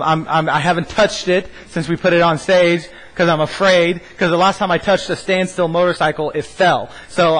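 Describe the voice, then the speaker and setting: A pastor preaching a sermon, repeating a scripture line slowly and emphatically, with frequent restarts. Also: male voice, fairly high pitch, big-room sound, rough recording. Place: church stage.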